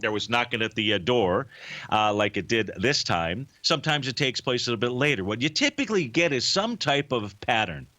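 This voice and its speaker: A man hosts a live trading show with a bright, forceful tone at an average pitch. He talks casually and loosely, stopping for fillers as he walks through charts. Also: sing-song, brisk. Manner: casual, rambling, with many fillers. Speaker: radio show host, market analyst. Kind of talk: live financial talk show.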